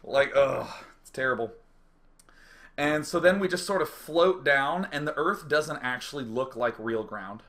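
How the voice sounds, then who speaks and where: A man telling a casual, profane anecdote, acting out his own reactions and dropping to quiet mutters when reliving the aftermath. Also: fairly high pitch, normal speed. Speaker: storyteller.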